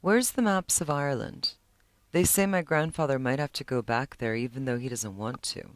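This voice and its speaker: A woman's voice: very deep voice, no room sound. Woman reading as a lonely teenage boy. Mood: pleading. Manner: slow, earnest reading.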